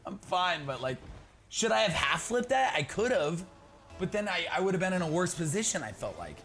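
A young man chatting through live gameplay, talking to his teammate and breaking into excited shouts. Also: sits high, moderate pace. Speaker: gaming YouTuber. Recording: background noise.

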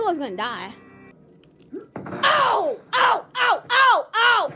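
Very high-voiced woman yelling at a game. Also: huge pitch swings, slow, faint music behind. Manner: loud yelling reactions and trash talk. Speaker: gameplay commentator. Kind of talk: excited gameplay commentary.

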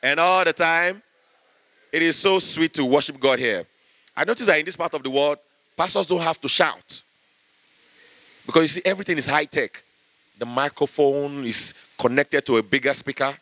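Young Nigerian man, stand-up in church, high bright voice, dry close sound, animated, acts out voices. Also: moderate pace, long pauses, dry recording. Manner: animated storytelling, acting out voices, rising to shouts. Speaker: comedian.

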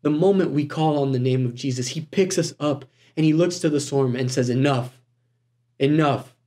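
With a fairly high voice and a brisk delivery, a man serving as guest preacher gives an animated, conversational sermon, breaking off now and then for casual remarks to the congregation.

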